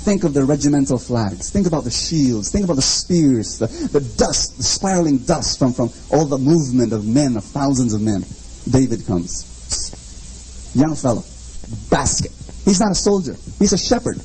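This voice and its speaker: A man's voice: mid-range voice, big pitch swings, moderate pace, warm tone, slight background noise, rough recording. A man preaching a sermon, emphatic and repetitive, with lots of rhetorical questions and dramatic storytelling.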